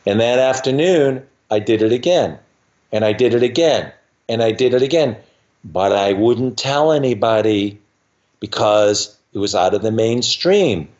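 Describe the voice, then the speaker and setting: A man in his sixties, a dentist guest on a podcast, telling anecdotes in a lively way and acting out other people's voices in quick asides. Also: lowish voice, dull audio. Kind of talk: animated anecdotal storytelling.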